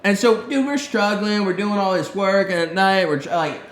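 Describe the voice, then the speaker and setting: Swearing, animated man in an echoey room. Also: high voice, moderate pace. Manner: profane, animated storyteller, heavy swearing. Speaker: podcast co-host. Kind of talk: casual storytelling chat.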